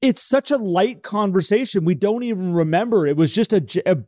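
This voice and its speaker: Animated man acting out phone reactions. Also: high-pitched, brisk, no room sound, studio quality. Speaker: podcast co-host. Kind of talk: casual podcast chat.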